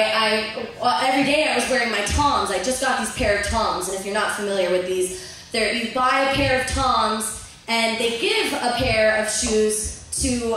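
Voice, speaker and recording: A young woman from Virginia works through a stand-up set on a bar stage, her voice a little high and delivered deadpan with plenty of "uh" pauses. The sound is very roomy and echoey, caught by a mic set well back from her, with faint noise underneath. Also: recorded from a distance. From Virginia, USA. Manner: deadpan delivery with filler pauses, laughs at own jokes. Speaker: stand-up comic.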